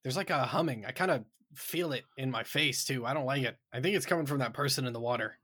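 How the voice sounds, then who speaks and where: A man playing a tabletop role-playing game, excitable and animated, swearing casually. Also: medium pitch, fast, husky. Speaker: player.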